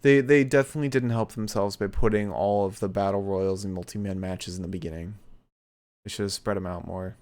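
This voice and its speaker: Guy cohost gushing about wrestling, kinda low smooth voice, trips over his words. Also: steady tone, brisk, darkish tone. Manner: enthusiastic opinions, stammers on restarts. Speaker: podcast co-host. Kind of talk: casual wrestling recap.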